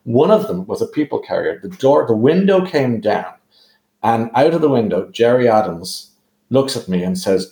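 A man's voice: mid-range voice, moderate pace. Irish man telling a story, roomy sound. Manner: lively anecdotal, self-deprecating. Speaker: guest. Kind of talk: animated storytelling. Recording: roomy echo.

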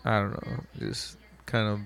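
A man's voice: fairly low pitch, normal speed, gravelly, smooth. Profane, laughing storyteller man. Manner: profane, laughing, animated retelling. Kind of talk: casual storytelling chat.

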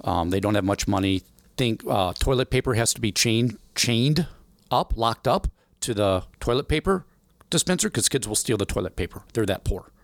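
A man in his forties from the American Midwest, telling stories in an interview, animated and acting out voices in the quotes. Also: fairly low pitch, moderate pace, no room sound, clean studio sound. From Illinois, USA. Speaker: guest. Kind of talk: storytelling interview.

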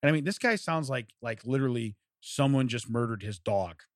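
A man's voice: mid-range voice, lively intonation, brisk, dry recording, clean studio sound. A man telling a long story in casual chat, acting out both sides of a phone call and laughing often.

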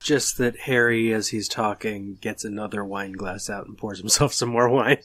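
A man's voice: fairly low pitch, fairly even intonation, normal speed, a bit bright. A man co-hosting a podcast who makes brief, plain remarks about a film. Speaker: podcast co-host. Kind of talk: casual film chat.

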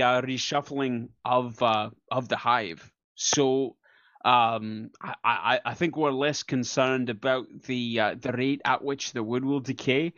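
A man's voice: medium pitch, fairly bright tone, no room sound, highs cut off. A man playing a tabletop game, joking in a hesitant way with lots of fillers. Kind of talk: casual in-character chat.

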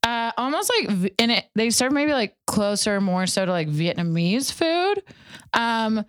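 A woman's voice: a little high, expressive, measured pace, clear, resonant tone, dry recording, clean studio sound. A woman hosting a casual podcast chat, telling stories and acting out the people in them. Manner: chatty storyteller who acts out quoted people. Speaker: podcast host.

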